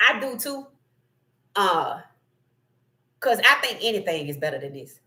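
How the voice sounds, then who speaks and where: A woman hosting a casual sports talk livestream, reading chat comments and giving animated, opinionated takes with frequent laughter. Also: mid-range voice, measured pace.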